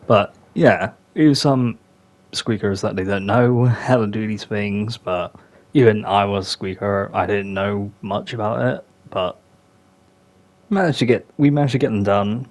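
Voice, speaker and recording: A man's voice: on the low side, unhurried, long pauses. A young man hosting a podcast, chatting casually and rambling with many fillers. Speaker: podcast host.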